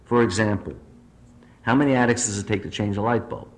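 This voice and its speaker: A man's voice: lowish voice, fairly quick. A man telling a string of jokes to a recovery group, chuckling through his punchlines. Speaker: speaker at a recovery meeting. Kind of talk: stand-up joke telling.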